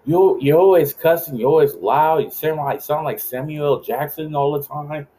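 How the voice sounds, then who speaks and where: A man's voice: moderate pace, warm tone, lightly acted. A man voicing his own mother, an older woman scolding him in a raised, exasperated tone. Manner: exasperated, high-pitched scolding.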